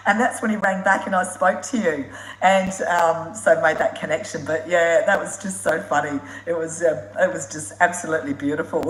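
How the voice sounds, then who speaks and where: A woman telling road-trip stories on a live stream, animated and blunt, swearing freely and laughing often. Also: on the low side, normal speed, echoey room, rough recording. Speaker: motorbike traveller hosting a live Q&A. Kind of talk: casual live-stream storytelling.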